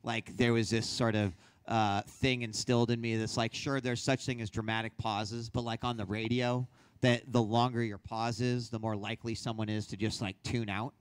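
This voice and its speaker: Smooth-voiced man teaching hosting. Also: medium pitch, little pitch movement, normal speed, dry recording. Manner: conversational, demonstrates reads with varied energy. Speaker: workshop host. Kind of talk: instructional talk.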